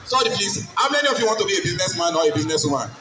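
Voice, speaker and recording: A man's voice: high-pitched, big pitch swings, very fast, noisy background. A man with a Nigerian accent giving a motivational talk to school pupils, posing questions for the room to answer in a sing-song way. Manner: call-and-response questioning, sing-song emphasis. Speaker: guest speaker at a school event. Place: school hall. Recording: echoey hall, distant mic, music and crowd behind.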